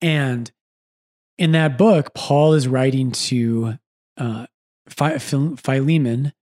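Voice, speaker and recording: A man who is a priest and podcast host, chatting casually and with animation, often breaking off to correct himself. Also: mid-range voice. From United States. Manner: animated, quick asides, self-correcting.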